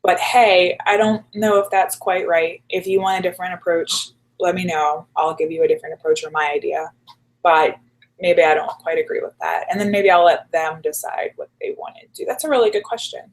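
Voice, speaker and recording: A woman's voice: lowish voice, a little fast, poor audio. A woman telling stories in a casual interview, chatty and full of "like" fillers. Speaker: guest. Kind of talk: casual storytelling chat.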